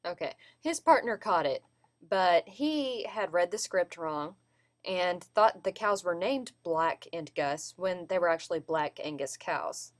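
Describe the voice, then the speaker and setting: Woman giving a class talk, lively pitch. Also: measured pace. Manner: explanatory, demonstrates emphasis by stressing words. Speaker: student presenter. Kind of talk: class presentation on speaking.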